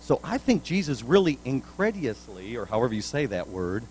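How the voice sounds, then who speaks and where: A man's voice: mid-range voice, very animated, brisk, hardly any pauses, a little mellow, a little hiss or hum, low-quality recording. A male pastor preaching a sermon in a church, in a folksy, plainspoken way with colloquial grammar.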